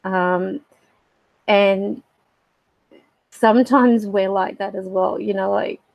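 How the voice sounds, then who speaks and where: Slow-talking woman, dry sound. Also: mid-range voice, fairly even intonation, creaky, a little mellow, no echo, rough recording. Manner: halting, reflective, emotional, with many fillers. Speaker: spiritual livestream host. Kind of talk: personal storytelling on a livestream.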